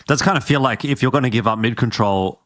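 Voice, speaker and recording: A man casting a live esports match as play-by-play commentator, excitable, his voice leaping up on big plays. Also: medium pitch, fast talker, no echo. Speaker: esports caster.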